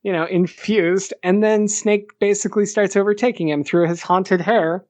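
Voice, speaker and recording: A man's voice: high-pitched, steady tone, normal speed, darkish tone, no room sound. A man hosting a casual podcast, easygoing and laughing as he talks. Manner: easygoing, laughs while talking. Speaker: podcast host.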